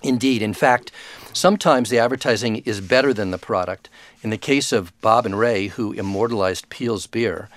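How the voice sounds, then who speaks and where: A low-voiced male author answers questions in a radio interview. He talks thoughtfully and with plenty of small hesitations, and he is recorded close and dry. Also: no echo. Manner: thoughtful, measured, with frequent hesitations. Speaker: author and guest expert.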